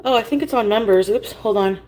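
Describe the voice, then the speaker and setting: A woman's voice: mid-range voice, brisk, a little mellow, slight background noise. A woman livestreaming from home, greeting chatters by name and ranting bluntly with plenty of cursing. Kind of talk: livestream rant reading chat.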